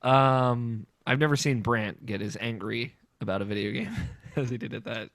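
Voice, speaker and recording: A man's voice: medium pitch, moderate pace, a bit bright. A man hosting a casual gaming podcast, loose and laughing often. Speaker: podcast host.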